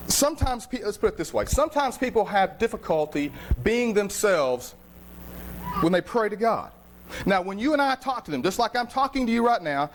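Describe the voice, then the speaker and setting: A man preaching a sermon as pastor, conversational and animated, telling stories with humor. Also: sits high, slight background noise.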